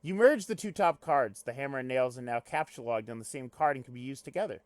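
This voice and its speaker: Animated young man reading aloud. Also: medium pitch, fast, no room sound. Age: young adult. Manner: animated, swings to loud excited rants. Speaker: streamer reading a webcomic aloud.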